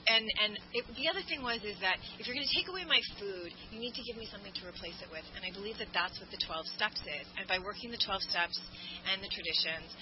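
A woman speaking candidly and self-deprecatingly at a twelve-step meeting, rambling with many fillers. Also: medium pitch. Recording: muffled lo-fi recording with background noise.

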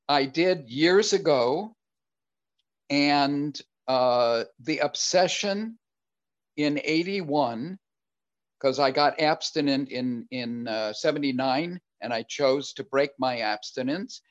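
An older man speaking earnestly and reflectively as a guest speaker, answering questions about his recovery in a halting way. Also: medium pitch, dry recording. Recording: dull lo-fi recording.

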